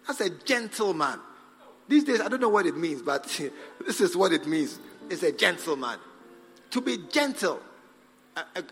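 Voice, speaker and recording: A man's voice: high-pitched, fairly bright tone. A man preaching a sermon as pastor, emphatic, calling for responses from the congregation and acting out little dialogues. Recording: long hall reverb.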